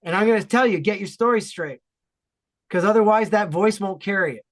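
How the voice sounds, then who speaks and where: High-pitched and a little fast, this Ontario man speaks with the local Canadian accent. As a regular on the podcast, he chats casually, his delivery coming in punchy, energetic bursts.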